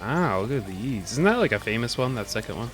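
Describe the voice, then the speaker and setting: A man's voice: mid-range voice, very animated, brisk, fairly bright tone, slight background noise. A man streaming a video game, joking and curious as he comments on what he sees. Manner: joking, curious, often laughing. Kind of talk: gameplay commentary.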